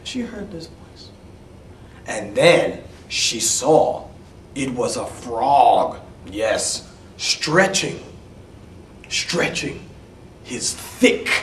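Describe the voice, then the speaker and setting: A man telling a fairy tale as an English lesson, slowly explaining and repeating words, dropping to near-whispers for asides. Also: mid-range voice, a little hiss or hum. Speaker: English teacher. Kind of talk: storytelling lesson for English learners. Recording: echoey room, mic at a distance.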